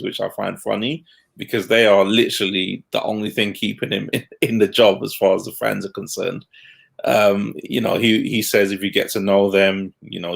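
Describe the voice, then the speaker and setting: Casual male co-host, low gravelly voice, blunt and quick to laugh. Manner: blunt, laughs at his own points. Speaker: podcast co-host. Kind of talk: casual football chat.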